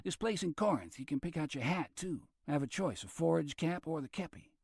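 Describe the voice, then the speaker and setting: A male narrator voicing a grinning, smooth-talking man who arranges things, in a lifted, breezy voice. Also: fairly high pitch, animated, brisk, no echo, clean studio sound, pitched above the performer's own voice, full character voice.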